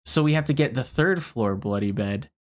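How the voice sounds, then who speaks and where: Talking through a puzzle aloud, this game streamer delivers relaxed live commentary peppered with frustrated swearing. The voice is mid-range and expressive, moving at a normal speed.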